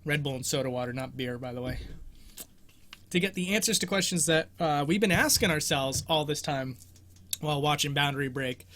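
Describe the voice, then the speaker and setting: A man's voice: a little high, fairly quick, sharp tone. A young man hosting a casual livestream Q&A about a video game, rambling and self-deprecating and laughing often, speaking from his bedroom. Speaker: host of a game exploration show.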